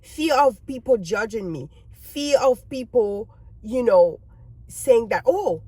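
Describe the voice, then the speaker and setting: A non-native English-speaking woman vlogging earnest advice to her viewers, halting and repeating words as she restarts her sentences. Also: fairly high pitch, lively intonation, warm tone, breathy edge, no echo. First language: not English. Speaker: YouTuber.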